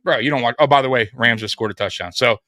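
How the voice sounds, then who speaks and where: A man's voice: mid-range voice, fast, bright, forceful tone, no room sound, clean studio sound. A man co-hosting a live sports show, talking casually, profane and rambling.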